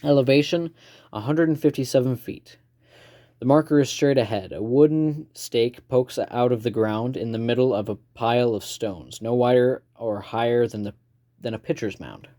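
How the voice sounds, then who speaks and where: In a mid-range voice, a reader narrates a first-person novel aloud. His storytelling is calm and measured.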